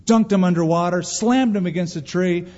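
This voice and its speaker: A man's voice: high-pitched, normal speed, darkish tone. A man preaching a sermon as pastor, emphatic storytelling and quoting scripture. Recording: reverberant, dull lo-fi hall recording.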